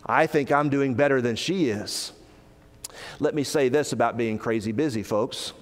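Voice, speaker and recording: A man preaching a sermon, earnest, often rising for emphasis and slowing down on key phrases. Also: medium pitch, in a large hall. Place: church sanctuary.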